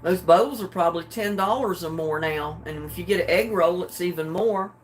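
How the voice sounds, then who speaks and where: Livestream host, older woman, homey easygoing chatter, relaxed and a bit sleepy. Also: on the low side, moderate pace, a little hiss or hum. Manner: chatty, homey, chuckles often. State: drowsy and relaxed. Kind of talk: casual chat with live viewers.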